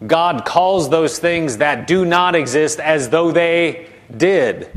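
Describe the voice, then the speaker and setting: A man preaching a sermon, emphatic and repetitive, dropping soft and low to model spoken declarations. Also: takes it slowly.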